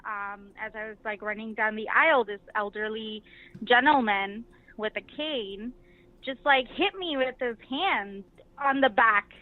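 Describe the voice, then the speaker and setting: A slightly high, unhurried female voice comes through tinny phone-line audio. She's an activist delegate being interviewed, chatting loosely about what happened and leaning on lots of filler words.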